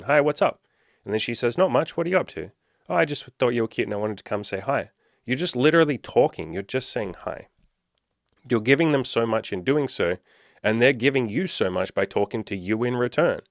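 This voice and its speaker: Earnest low-voiced man coaching viewers. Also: dry recording, clean studio sound. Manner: earnest and encouraging, repeats himself, swears casually. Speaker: dating coach. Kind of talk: casual monologue to viewers.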